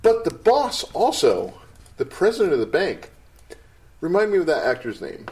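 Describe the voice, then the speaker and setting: A man's voice: a little high, moderate pace. A man co-hosting a casual podcast, talking through an old film scene and laughing often. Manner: animated, laughs often, quotes film lines. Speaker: podcast co-host.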